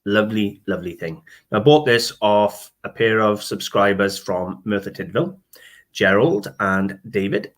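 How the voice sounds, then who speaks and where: In a fairly low, slightly bright voice with lively intonation, a man goes through his antique finds a little slowly. The antiques dealer and channel host keeps it chatty in this show-and-tell, laughing often and owning up to trouble reading dialect.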